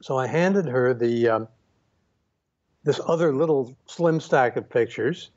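Male interview guest, mid-pitched, reflective storyteller with lots of fillers; dull lo-fi sound. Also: a little mellow. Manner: unhurried, many fillers and restarts. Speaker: photographer guest.

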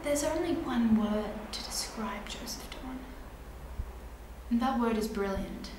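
A woman playing a polite, long-suffering actress in a mockumentary interview, speaking in a diplomatic, measured way. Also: a little high, natural voice. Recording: very echoey room with noise.

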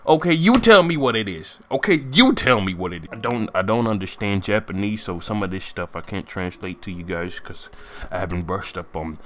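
A man giving excitable, profane, joking commentary on a game trailer from his room. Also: medium pitch. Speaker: gaming YouTuber. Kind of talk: casual gaming commentary. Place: home room, sitting at a desk chair.

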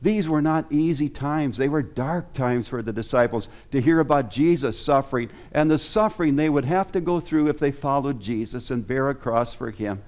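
Male pastor at the pulpit, mid-pitched, earnest, preaches with rhetorical questions to the pews. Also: normal speed, hardly any pauses, darkish tone. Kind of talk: sermon. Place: church sanctuary.

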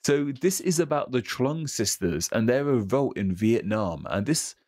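A man co-hosting a history podcast, talking in a relaxed, chatty way with fillers and restarts. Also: medium pitch, a little slow. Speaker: podcast co-host. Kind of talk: casual history podcast chat.

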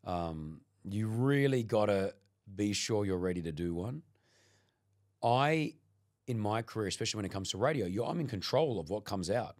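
A fairly low-pitched voice at normal speed belongs to a middle-aged Australian radio presenter telling stories as a podcast guest. The chat is casual, and he animatedly acts out the quoted lines.

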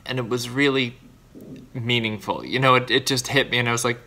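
A man speaking to camera in a personal video diary, his voice bright and a little tense at an ordinary middle pitch. He rambles earnestly and pokes fun at himself, circling back over his words as he goes. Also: fairly even intonation, a little fast. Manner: earnest, rambling, self-deprecating. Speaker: vlogger.

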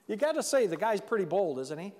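A man's voice: high-pitched, a little mellow. Guy preaching in church, chatty and down to earth, acts out the quotes, long echo. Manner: conversational, plain-spoken preaching with acted-out quotes. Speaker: pastor. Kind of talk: sermon. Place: church sanctuary.

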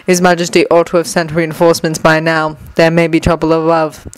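A woman voicing a gruff male Imperial guard who speaks in a grating mechanical voice, clipped and military. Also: deep voice, completely flat delivery, brisk, pitched below the performer's own voice, lightly acted, rough recording. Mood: grim.

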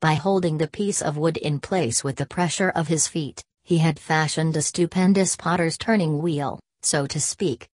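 A woman reading a story aloud as an audiobook narrator, in an even, unhurried way. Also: sits low, dry recording.

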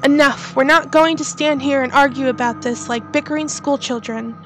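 A woman's voice: high voice, steady tone, moderate pace, faint music behind, natural voice. A woman voicing a stern male store manager in a horror game, speaking formally and with authority.

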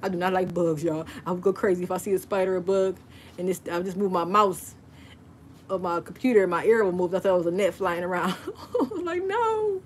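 A woman hosting a crafting livestream from her home craft room, talking fast and chatty and laughing often. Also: fairly low pitch, level tone, a little hiss or hum. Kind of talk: casual livestream chat and craft demo.

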